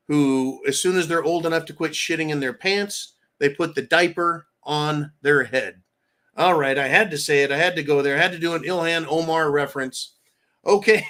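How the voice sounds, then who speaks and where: An American man hosting a live stream, ranting loudly with crude insults between reading out donations. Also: fairly high pitch. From United States.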